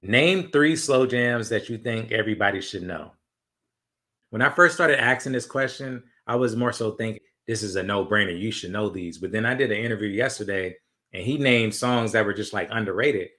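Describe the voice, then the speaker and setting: A man hosting a casual interview, asking questions in a relaxed way. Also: on the low side, moderate pace. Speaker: podcast host.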